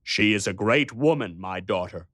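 A man voicing a kind, wise and jolly bearded old king in an audiobook, speaking slowly and gravely. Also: fairly low pitch, animated, fairly bright tone, no echo, clean studio sound. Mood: solemn, kindly. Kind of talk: audiobook character voice.

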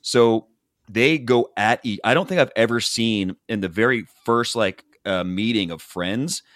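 A man's voice: on the low side, measured pace, no echo, clean studio sound. A man hosting a podcast, telling a reality-show recap in casual chat and acting out the people's lines. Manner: animated storytelling, acts out quotes from the show.

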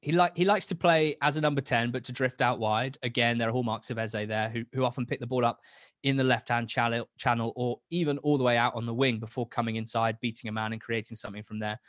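Young man, football podcast guest, eager rambling chat, mid-pitched voice, dry close sound. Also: fairly even intonation, fast talker, a bit bright, no room sound. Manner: enthusiastic, rambling, many restarts. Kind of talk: casual chat.

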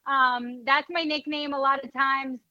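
A woman's voice: high-pitched, little pitch movement, a little slow, sharp tone, no room sound. A young woman with a Bronx New York accent, chatting casually in an interview, full of fillers like "like" and "you know". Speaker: NFL team reporter and podcast host. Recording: dull, dry, slightly lo-fi sound.

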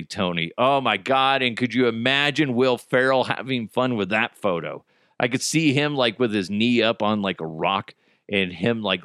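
A man's voice: mid-range voice, fairly bright tone, dry recording, studio quality. An American man hosting a podcast, chatting in a casual, jokey and profane rant. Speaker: podcast host.

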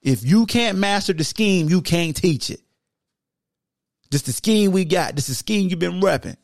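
A man in his forties hosting a sports podcast, ranting loudly in slangy talk and arguing back and forth with himself. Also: sits high, lively intonation, normal speed, no room sound, clean studio sound. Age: 40s. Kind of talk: heated sports rant in an alter-ego persona.

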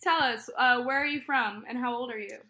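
A woman hosts a casual podcast chat, teasing her guest in a giggly, playful way. Her voice is bright and fairly high. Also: brisk. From New York. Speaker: podcast host.

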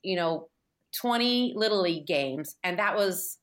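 A woman's voice: fairly low pitch, expressive, unhurried. A woman in her forties from San Francisco, telling a personal parenting story as a podcast guest, rambling with lots of fillers and restarts. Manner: rambling with many fillers and restarts, emotional, tearful at times. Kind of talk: candid conversational storytelling.

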